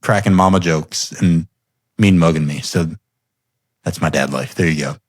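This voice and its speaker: Family stories come from a podcast host whose voice sits low and moves at a moderate pace. He tells them in a casual, conversational style, laughing often and warming up into real animation.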